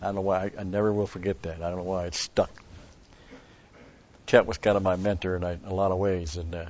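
A man's voice: low voice, little pitch movement, fast, a little mellow. A man giving a rambling Bible teaching, stressing key words and restarting his sentences. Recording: dull lo-fi recording.

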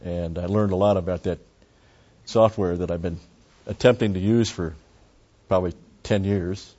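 An older man leads a relaxed Bible study, wandering into asides with plenty of "uh"s before slowing to read a verse aloud. His voice sits low. The recording is dull and lo-fi. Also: husky. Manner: rambling, folksy, with many digressions and "uh" fillers. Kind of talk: informal Bible teaching.

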